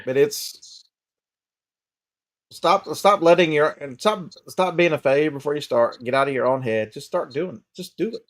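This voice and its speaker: Southern guy co-hosting a live stream, folksy and pushy, slightly high voice, dry room. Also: moderate pace, dry recording. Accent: Southern American. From American South. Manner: folksy, emphatic, repeats himself. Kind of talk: casual live-stream chat.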